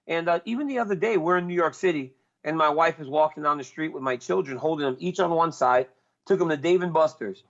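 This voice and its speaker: A man's voice: a little high, fast, fairly bright tone, highs cut off. A man talking as a guest in casual chat, earnest and repeating himself as he searches for words.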